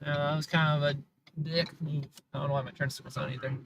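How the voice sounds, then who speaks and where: A man's voice: on the high side, flat delivery, fast talker. Chatty man grumbling through city traffic. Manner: chatty and sarcastic, grumbling at other drivers. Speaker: livestreamer. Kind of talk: casual livestream commentary while driving. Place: inside a car on city streets.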